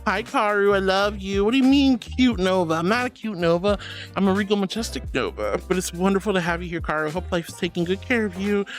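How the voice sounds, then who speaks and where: Lively, affectionate woman streamer. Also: mid-range voice. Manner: affectionate, calls viewers honey and darling; giggly, laughs often. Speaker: VTuber streamer. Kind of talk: casual chat reading viewer comments.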